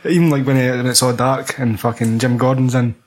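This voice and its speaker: A man's voice: medium pitch, fairly even intonation, fairly quick. A young Scottish man in casual chat about a film, enthusiastic and swearing constantly.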